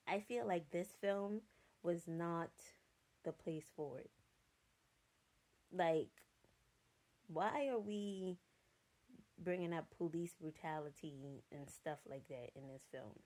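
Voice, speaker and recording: A woman's voice: fairly low pitch, slow pace, long pauses, darkish tone. A young adult woman giving a casual, blunt and profane film review from her notes, sounding exasperated.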